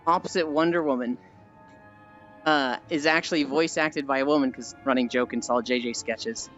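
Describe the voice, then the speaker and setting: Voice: mid-range voice, moderate pace, a bit bright. A livestreamer chatting casually while walking, rambling through stories with many fillers and sighs. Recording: muffled stream audio with faint music. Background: faint music.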